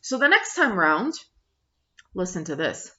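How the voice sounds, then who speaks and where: A woman's voice: on the low side, very animated, unhurried, bright, forceful tone. A woman vlogger ranting bluntly to camera, emphatic and full of swearing, on a dull lo-fi recording. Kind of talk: angry review rant to camera. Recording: dull lo-fi sound.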